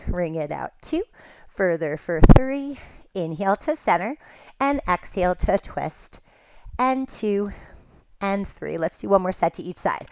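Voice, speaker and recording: A woman teaching a pilates class, giving calm step-by-step cues and counts, a little out of breath at times. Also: mid-range voice, clean tone, no room sound, dull audio. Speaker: pilates instructor. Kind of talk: guided exercise class cues.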